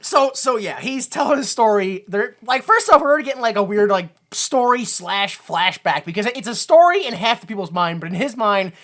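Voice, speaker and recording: A woman's voice: a little high, brisk, hardly any pauses. A woman co-hosting a comedic movie-review podcast, talking casually with plenty of swearing and exaggerated acted-out quotes. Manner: animated, profane, acts out quoted lines in exaggerated voices. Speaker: podcast co-host.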